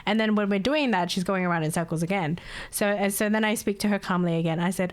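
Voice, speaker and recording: A woman's voice: mid-range voice, fast. A woman streamer telling a story in casual chat, laughing often and swearing freely.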